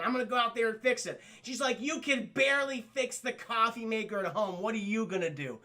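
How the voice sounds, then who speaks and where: A man's voice: high voice, lively intonation, fairly quick, few pauses, pushed and bright. A man streaming a casual cartoon recap, retelling scenes animatedly, acting out lines, swearing and talking to his chat.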